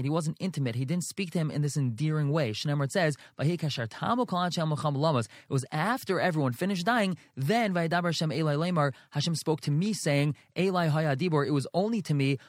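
A fast-talking man teaches a text class, reading out Hebrew phrases and translating them right away. His voice sits a little higher than most men's, and the recording is dry and close. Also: no room sound. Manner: reads Hebrew phrases then translates, brisk and explanatory. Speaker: Torah teacher. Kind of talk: Chumash and Rashi class.

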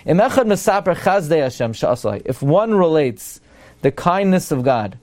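A man's voice: a little high, very animated, moderate pace, darkish tone. A man, a rabbi, giving an explanatory Torah study lecture, reading Hebrew passages aloud and translating them. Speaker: rabbi teaching a class.

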